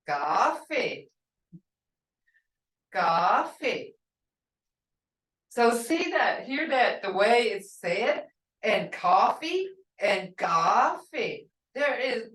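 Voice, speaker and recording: A woman teaching a language class, taking her time and repeating each word so the tones come through. Her voice sits a little high. She sounds distant from the mic, in a room with a lot of echo. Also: fairly bright tone. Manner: patient, repeats words to stress tones. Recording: echoey room, voice from far off.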